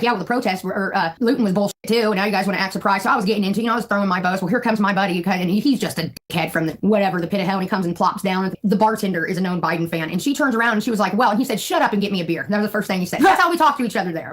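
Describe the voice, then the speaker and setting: A woman's voice: mid-range voice, background noise. A woman hosting a casual live stream, telling rambling, profane stories and laughing often.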